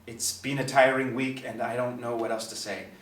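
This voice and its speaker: A man's voice: mid-range voice, fairly even intonation, moderate pace, fairly bright tone, natural voice. A man voicing a teenage girl in a storybook reading, raising his voice for her. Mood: weary. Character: teenage girl, tired and then thrilled. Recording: echoey, distant mic.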